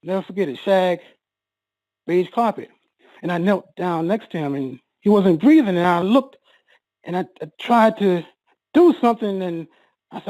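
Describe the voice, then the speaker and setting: A man telling an emotional personal story, halting and repeating words, his voice rising as he relives a moment of panic. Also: sits high, expressive, darkish tone, no echo, low-quality recording.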